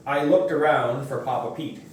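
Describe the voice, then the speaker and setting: A man slowly reading a children's book aloud at home, recorded from a distance. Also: medium pitch. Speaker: reader. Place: room at home. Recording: echoey room, far from mic, faint noise.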